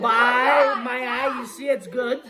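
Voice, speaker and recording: A man's voice: very high-pitched, steady tone, unhurried, echoey room, over a noisy crowd. A middle-aged man from Greece with a Greek accent, a father teasing and interrupting his daughter. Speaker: father heckling from off to the side.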